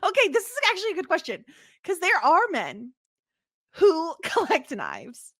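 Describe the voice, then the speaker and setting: A woman's voice: very high-pitched, moderate pace, dry recording, studio quality. A woman co-hosting a podcast, chatting casually and giggling as she recaps a TV episode. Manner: giggly, animated, laughs often while retelling scenes. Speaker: podcast co-host.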